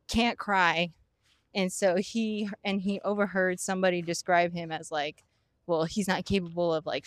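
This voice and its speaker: A woman's voice: mid-range voice, clean tone, no room sound, studio quality. A young woman co-hosting a podcast, rambling with many "like" fillers and breaking into giggles. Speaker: podcast co-host. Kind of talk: casual chat.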